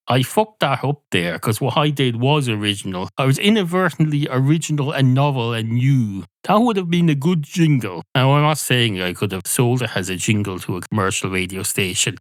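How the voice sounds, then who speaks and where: A man's voice: medium pitch, expressive, normal speed, few pauses, no echo, faint music behind. A middle-aged Irish man hosting a podcast alone, rambling through a sardonic comic monologue. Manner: sardonic, rambling, puts on mock radio voices. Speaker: podcast host.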